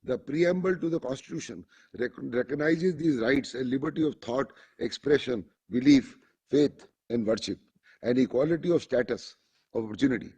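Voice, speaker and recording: Husky-voiced Indian lawyer addressing the bench. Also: male voice, mid-range voice, moderate pace, warm tone. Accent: Indian English. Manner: formal, addresses the bench as "my lord" constantly; reads passages aloud from a judgment. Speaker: lawyer arguing before a court. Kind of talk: courtroom argument.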